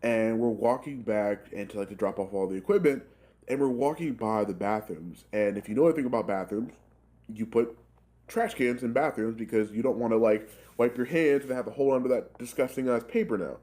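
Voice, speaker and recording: A young man in his twenties telling a rambling, profane work story in a casual, animated way, full of filler words. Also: medium pitch, brisk. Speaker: gaming channel host telling a story.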